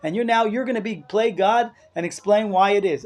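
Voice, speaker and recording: A man's voice: sits high, brisk, darkish tone. A man rabbi giving a live lecture to a class, emphatic and full of rhetorical questions, dropping in Hebrew terms. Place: study hall class with listeners.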